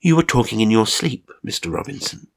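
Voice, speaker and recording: A man, reading a horror story, voicing a polite, literal-minded male carer who speaks in a calm, precise and oddly formal way. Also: medium pitch, brisk, gravelly. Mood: composed. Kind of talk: audio drama reading.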